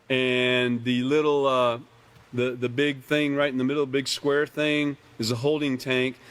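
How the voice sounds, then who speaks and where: A man teaching a live online class from slides, talking casually with joking asides and often clearing his throat. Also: medium pitch, a bit bright. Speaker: class instructor.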